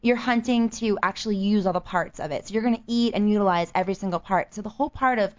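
A woman guest chats through a casual interview, telling stories in an animated way and laughing often. She leans on fillers like "like" and "you know". The audio is a little dull and lo-fi. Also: medium pitch, quick pace.

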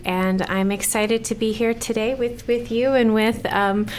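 A woman from Texas working as a publicist, speaking politely as a guest on a radio talk show, with fillers and pauses. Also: a little high, fairly even intonation, a little hiss or hum. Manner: friendly, polite, soft-spoken with fillers. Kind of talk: casual radio interview. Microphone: shared studio microphone.

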